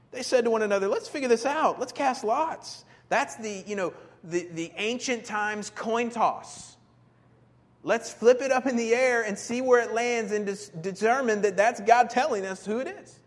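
A pastor preaches with a fairly high voice, lively and animated, and he acts out each person in the story as he goes. He keeps asking his listeners questions. A long reverb from a big hall trails after his words. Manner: animated, acts out quoted characters, asks the congregation questions. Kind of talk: sermon.

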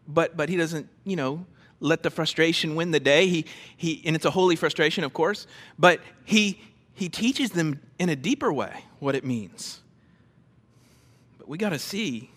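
A man's voice: on the high side, a bit bright, long reverb tail. A man preaching a sermon to a congregation, emphatic and quizzing his listeners with questions. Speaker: pastor. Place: church before a congregation.

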